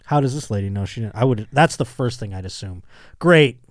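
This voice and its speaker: A man's voice: fairly low pitch, fast talker, a little mellow, dry recording, clean studio sound. A man hosting a comedy podcast, reading a news story aloud and riffing on it with jokes and laughter. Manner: joking, riffs on the article, laughs often. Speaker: podcast host.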